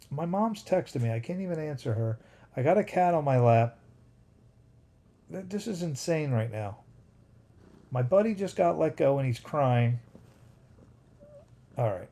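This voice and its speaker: Host type: a man livestreaming from home, gravelly and mellow, chatty, excitable, easily sidetracked by chat. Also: a little high, unhurried, long pauses. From United States. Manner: excitable, reacts to chat, goes off on tangents. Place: home at night. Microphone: phone.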